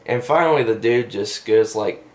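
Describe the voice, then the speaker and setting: A man's voice: fairly low pitch, moderate pace. A young man telling a story in a casual vlog, rambling with lots of fillers and asides, recorded on a camera mic. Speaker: vlogger.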